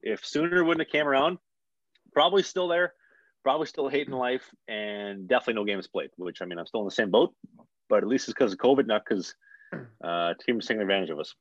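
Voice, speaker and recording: A man's voice: on the low side, fairly quick, no room sound, highs cut off. A young man, a hockey player, telling a story in a casual podcast chat, rambling and acting out what people said. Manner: rambling, animated, acts out quotes.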